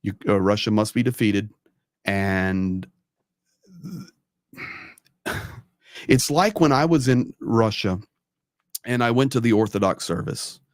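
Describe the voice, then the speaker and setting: A man's voice: lowish voice, takes it slowly, pauses often, no echo, clean studio sound. A man hosting a casual talk show, telling stories in an emphatic way and repeating his points for stress. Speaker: host. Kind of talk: casual storytelling chat.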